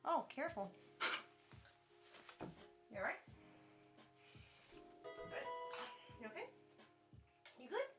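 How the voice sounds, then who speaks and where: A woman livestreaming, chatting casually, thanking subscribers and talking in a high sing-song baby voice to her dog. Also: very animated, takes it slowly, pauses often, over loud music.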